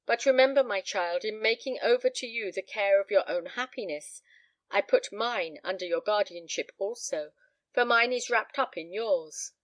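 A woman's voice: medium pitch, normal speed, no echo, close to an everyday voice. A woman voicing a grave, anxious elderly father, speaking solemnly and earnestly.

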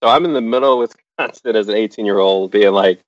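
Speaking fast in a voice on the low side, a middle-aged man entertains an audience with a personal anecdote, bringing it to life by acting out others' words. The lo-fi recording sounds dull and has no room sound.

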